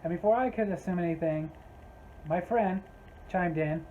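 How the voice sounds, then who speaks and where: A woman's voice: fairly low pitch, moderate pace, mellow, slight background noise, poor audio. Wry woman telling a work story. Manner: wry, exasperated retelling. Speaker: storyteller, former gas station clerk. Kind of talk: casual storytelling vlog.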